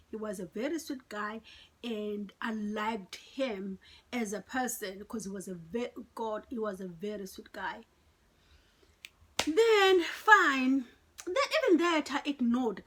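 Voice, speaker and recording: A woman's voice: mid-range voice, a bit bright, breathy edge. A middle-aged woman, telling a dramatic personal story to her viewers in a chatty way. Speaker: vlogger. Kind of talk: storytime vlog.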